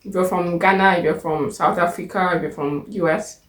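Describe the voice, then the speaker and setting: A Nigerian woman teaching a language lesson, patiently repeating each phrase slowly and clearly. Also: on the low side, fairly even intonation, roomy sound.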